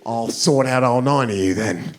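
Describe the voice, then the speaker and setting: A man's voice: medium pitch, moderate pace, voice pushed down, lightly acted. A comedian voicing a small, drunk, cocky British man with a British accent, taunting and brash.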